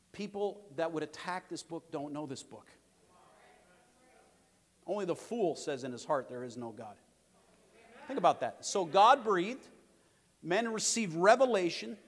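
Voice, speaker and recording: A fairly high-voiced man preaching to a congregation, hammering home words by repeating them. He swings from forceful, loud declarations to quieter asides. His voice rings with a long church reverb. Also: lively intonation, moderate pace, long pauses. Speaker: pastor. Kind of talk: sermon.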